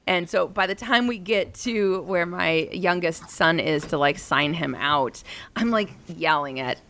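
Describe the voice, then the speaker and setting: A woman's voice: on the low side, unhurried, fairly bright tone, slight background noise. A woman in her thirties casually telling a personal story, rambling and profane, with an exasperated tone.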